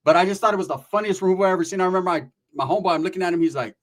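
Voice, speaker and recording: A man tells a story in loose street slang. He keeps checking in with his listener and swears freely as he goes. His delivery is animated and conversational. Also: sits high, very fast. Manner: animated, profane street slang with frequent "right?" tags. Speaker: storyteller recounting prison experiences. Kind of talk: casual storytelling.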